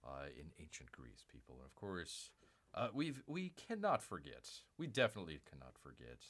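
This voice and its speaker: A man voicing a calm, soft-spoken male public radio presenter in a measured, solemn delivery. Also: very deep voice, pitched below the performer's own voice, exaggerated voice. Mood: mock-serious. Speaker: game streamer.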